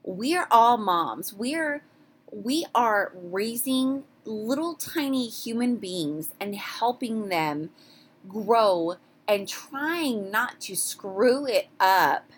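A woman's voice: a little high, lively intonation, drawn-out words, breathy edge. A young woman hosting a casual solo podcast, talking candidly and rambling with frequent restarts. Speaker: podcast host.

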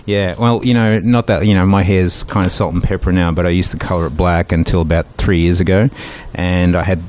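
A man's voice: deep voice, steady tone, fairly quick, darkish tone, a little hiss or hum. A middle-aged man chatting casually as a podcast guest, rambling with fillers and restarts. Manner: rambling, many fillers and restarts, laughs easily. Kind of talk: casual conversational storytelling.

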